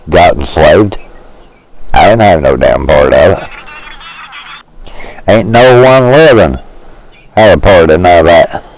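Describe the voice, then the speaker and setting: Man, 50s, gruff profane ranter, low and unhurried. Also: a little mellow, low-quality recording. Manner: blunt, profane, rough-spoken; halting with many restarts. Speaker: streamer. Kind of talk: rambling opinion rant.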